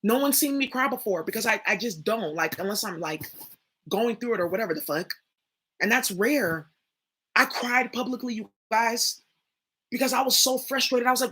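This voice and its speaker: A young woman speaks bluntly and profanely, addressing her viewers head-on in a loose spoken monologue. Her voice sits a little high and sounds bright and sharp. A husky edge runs through it. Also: fairly quick. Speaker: spiritual reader and channel host.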